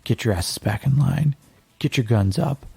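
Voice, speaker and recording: A man's voice: medium pitch, normal speed, vocal fry, darkish tone, breathy edge, no echo, heavily acted. A man voicing a hard-bitten male resistance fighter who talks bluntly and curses as he gives commands. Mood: fiery.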